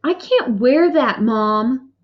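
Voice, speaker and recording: A sulky, self-conscious young boy who whines as if close to tears, as a woman reads him. The voice sits fairly high. The recording is dull and lo-fi. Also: lively intonation, normal speed, close to an everyday voice. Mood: upset. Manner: whiny, near tears.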